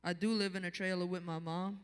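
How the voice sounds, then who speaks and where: A man's voice: high voice, little pitch movement, a little fast, clear, resonant tone. A man doing a rambling, self-deprecating stand-up set who loses his place. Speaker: stand-up comedian. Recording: reverberant bar hall.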